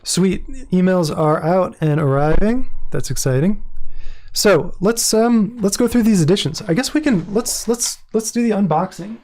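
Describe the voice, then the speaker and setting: A man talks through a product launch in a loose, chatty way, amused by his own asides. His voice has a mellow, soft tone. He thinks out loud as he goes. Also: high voice, normal speed. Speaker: independent publisher and host. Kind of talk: casual livestream product launch.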